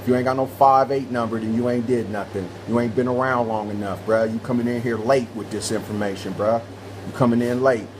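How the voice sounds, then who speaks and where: A man's voice: mid-range voice, fairly even intonation, a little fast, noisy background. Preachy, emphatic man lecturing in slang. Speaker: guest speaker. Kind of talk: livestream talk show discussion.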